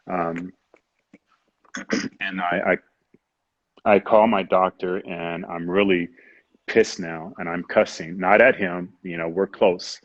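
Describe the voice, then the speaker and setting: A man with a low, husky voice recounts a painful personal story as an interview guest, candid and emotional, and he slips into quoted voices along the way. The sound is dry and a little dull, with no room around it. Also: little pitch movement, slow pace, long pauses, dry recording. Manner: candid, acts out others' voices, frequent "you know".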